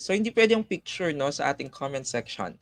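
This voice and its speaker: A young man with a Filipino accent teaches a live online class in a voice pitched a bit high for a man. He coaxes his students along with lively energy and reads their comments aloud. The sound is dry and close. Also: quick pace, dry recording. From Philippines. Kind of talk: live online class, mixing Tagalog and English.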